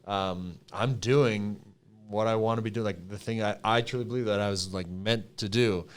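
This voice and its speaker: A young man with a Canadian accent, a podcast guest telling stories in a casual, emotional, animated way with many fillers. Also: lowish voice, moderate pace, smooth. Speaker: podcast guest, clothing company co-founder.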